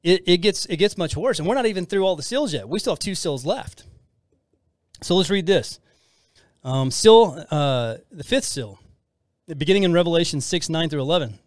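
A man's voice: a little high, lively intonation, moderate pace, no room sound. Earnest man teaching scripture, dry sound. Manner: earnest, rambling with many restarts and fillers. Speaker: podcast host teaching the Bible. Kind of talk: casual Bible teaching.

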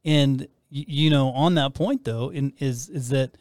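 A man's voice: mid-range voice, measured pace, darkish tone, no room sound, clean studio sound. A man hosting a casual Christian talk show, who rambles and restarts his sentences often. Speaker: host.

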